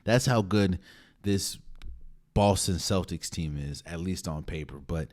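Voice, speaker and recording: Deep-voiced man giving emphatic sports takes. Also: measured pace, darkish tone. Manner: emphatic, ranking teams with conviction. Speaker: podcast host. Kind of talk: casual sports opinion monologue.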